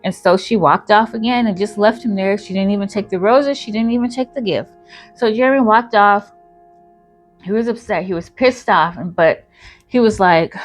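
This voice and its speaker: A woman's voice: mid-range voice, normal speed. Brief: woman storyteller, casual and rambling, faint music underneath. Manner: rambling, filler-heavy retelling.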